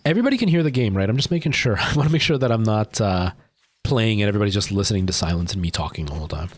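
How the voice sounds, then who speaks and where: Very fast and lively, with a fairly low pitch and a dry recording, a young man chats with viewers while livestreaming a game. Fights send him into loud yelps of panic.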